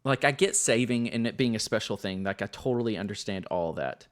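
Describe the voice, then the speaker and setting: A male podcast co-host chatting casually, sarcastic and quick to laugh. His voice swings up and down with lively intonation. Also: on the low side.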